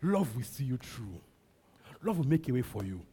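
A man's voice: mid-range voice, very animated, normal speed, dark tone, slight background noise. A man with a Nigerian accent preaching a sermon, repeating short phrases and breaking into frequent hallelujahs. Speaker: pastor.

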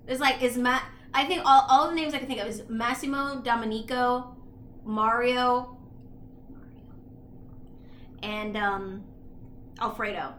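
A woman's voice: on the high side, fairly even intonation, unhurried, long pauses, fairly bright tone, roomy sound, slight background noise. A woman co-hosting a casual podcast, retelling a story in a rambling way full of likes and ums. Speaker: podcast co-host. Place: apartment.

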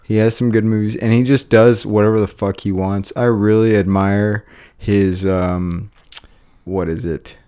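Young male podcast co-host, casual, rambling, self-mocking, laughs a lot, slightly low voice. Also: little pitch movement, unhurried, warm tone, clear, resonant tone. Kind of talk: casual chat.

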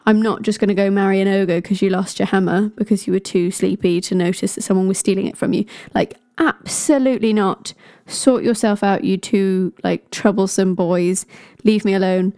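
Goddess, proud and indignant, scolding, voiced by a woman. Mellow tone. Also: mid-range voice, steady tone, normal speed, no room sound, clean studio sound, natural voice. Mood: outraged.

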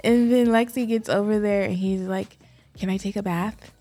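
A woman in her thirties co-hosting a casual podcast chat, telling family stories in a chatty way and trailing off into softer asides. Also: mid-range voice, fairly even intonation, normal speed. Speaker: podcast co-host, mother.

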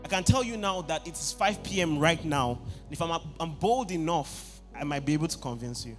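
A young man preaching a sermon, asking the congregation for answers and building up to loud shouted passages. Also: on the high side, lively intonation, normal speed, soft background music. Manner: call-and-response, rising to shouts.

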